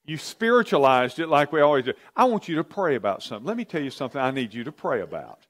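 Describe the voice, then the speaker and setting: A man's voice: fairly high pitch, big pitch swings, quick pace. A man leading an interactive church teaching, conversational, asking the audience questions and often repeating himself. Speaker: pastor or Bible teacher.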